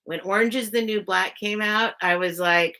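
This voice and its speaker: Bright-voiced chatty woman telling a story. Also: mid-range voice, steady tone, normal speed. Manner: chatty, heavy use of "like" fillers, greets chat viewers. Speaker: host of a live sale stream. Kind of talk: casual storytelling on a live stream.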